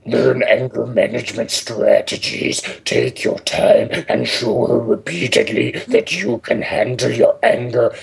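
A man voicing a gruff male ogre who reads out stern advice in a lecturing way. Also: medium pitch, heavily acted. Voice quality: gravelly, slow. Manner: reads aloud sternly, lecturing, stifling laughter. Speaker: podcast co-host. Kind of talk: comedic reading of an online post.

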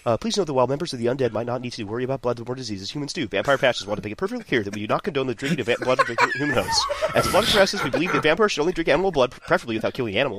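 A man reading site text aloud on a comedy podcast, in an animated, laughing delivery. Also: fairly high pitch, a little hiss or hum.

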